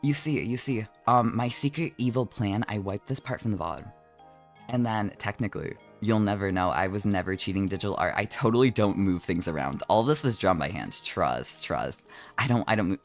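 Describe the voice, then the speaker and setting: A man streaming from home as a vtuber, chatting casually while he draws, animated and jokey, swearing often and teasing his chat. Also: fairly low pitch, moderate pace, soft background music.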